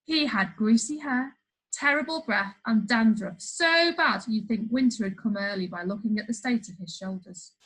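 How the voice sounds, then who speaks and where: A woman's voice: a little high, moderate pace, a bit bright, husky, poor audio. A woman reading a funny children's story aloud, playful, with chatty asides to the listener. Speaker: storybook reader.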